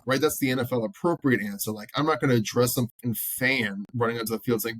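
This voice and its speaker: A man's voice: mid-range voice, a little fast, few pauses, no room sound. A man co-hosting a sports podcast, talking bluntly and animatedly and swearing freely as he acts out quotes. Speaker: podcast co-host. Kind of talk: casual sports chat.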